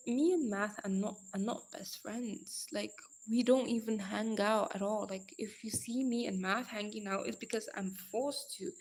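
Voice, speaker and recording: A young woman hosting a casual live stream, energetic and chatty, calling her viewers darling and girl. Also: medium pitch.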